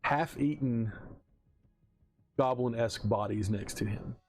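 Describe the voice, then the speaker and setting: A man runs a tabletop game, setting each scene in a casual, unhurried way. His pitch sits in the middle, and he often stops to say um. Faint music plays behind him. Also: husky. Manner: casual, hesitant with many fillers. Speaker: game master.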